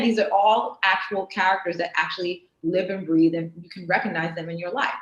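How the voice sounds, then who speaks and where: A woman with a New York accent, talking as a guest on a video-call interview in an animated, emphatic way. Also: lowish voice, a little fast, hardly any pauses. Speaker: guest artist. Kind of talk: casual interview chat. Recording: roomy echo on a video call.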